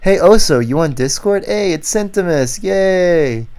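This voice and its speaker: A man's voice: high-pitched, animated, measured pace, darkish tone. A man hosting a casual livestream, chatting loosely and reading viewer comments aloud. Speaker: livestream host.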